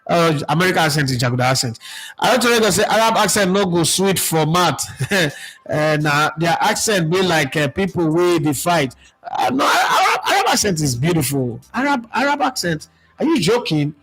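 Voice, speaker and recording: A man's voice: on the high side, lively intonation, normal speed, fairly bright tone, husky, rough recording. A man with a Nigerian accent hosting a casual football stream, chatting and reading out viewer comments. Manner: chatty, mixes Pidgin with English, reads out viewer comments. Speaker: football show host. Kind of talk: casual live-stream chat.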